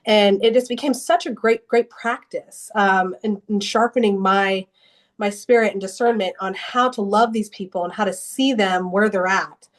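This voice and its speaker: A woman's voice: mid-range voice, normal speed. A young adult woman telling her faith story as a guest in an interview, earnest and emotional, with many restarts. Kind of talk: personal testimony in an interview.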